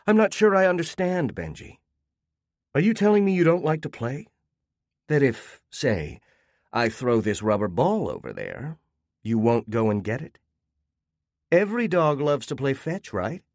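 A man's voice: mid-range voice, sing-song, measured pace, long pauses, dry recording, studio quality, pitched above the performer's own voice. A man voicing a prim, polite woman guest at a party who speaks in a genteel, patronizing way.

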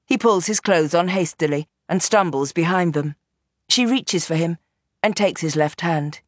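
A woman reads a novel aloud in calm, measured narration. Her voice sits a little low, and the recording is close and dry with no room sound. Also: no echo. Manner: steady, measured storytelling. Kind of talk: scripted audiobook narration.

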